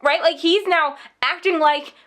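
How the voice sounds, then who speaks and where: A woman with a high voice vlogs from home, still shaken and upset. She tells her story in a rushed, animated way, slipping into the voices of the people she met. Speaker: vlogger. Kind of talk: casual storytelling vlog. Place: at home indoors.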